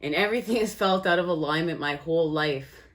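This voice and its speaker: A woman giving an enthusiastic channeled astrology and tarot reading, talking straight to her viewers as "guys" and repeating her phrases. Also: low-pitched. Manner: repetitive, rephrases lines in quick succession. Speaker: tarot reader.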